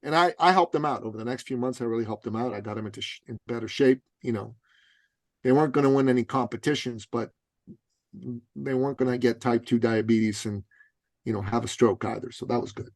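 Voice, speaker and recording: A man's voice: medium pitch, a little fast, a little mellow, no echo. A man telling a story as a podcast guest, blunt and emphatic, swearing casually. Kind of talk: animated storytelling.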